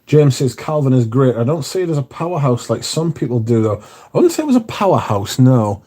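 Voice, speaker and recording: A man's voice: medium pitch, very animated, brisk, mellow. A man hosting a casual livestream, reading viewer comments aloud and answering them, swearing casually. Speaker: livestream host reading chat.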